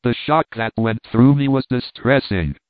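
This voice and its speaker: A man reading a first-person story aloud in a wry, lively storytelling manner. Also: mid-range voice, moderate pace, no echo. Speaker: audiobook reader. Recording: dry phone-like sound.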